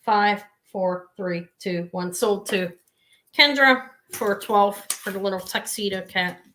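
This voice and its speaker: A woman's voice: medium pitch, steady tone, slow pace, pushed and bright. A woman hosting a live jewelry sale, chatting casually and rambling off into side stories as she shows each piece. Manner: chatty, rambling, with frequent asides. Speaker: host selling jewelry live. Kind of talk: live sales stream chat.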